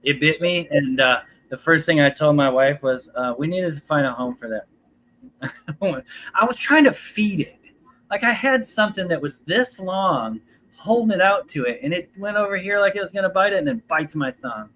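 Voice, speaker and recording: A man with a slightly raised pitch chats casually as he hosts a live stream. He tells stories easily and slides into introducing the first seller. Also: lively intonation, normal speed, a bit bright, low-quality recording. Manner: chatty storytelling, laughs easily. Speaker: auction host.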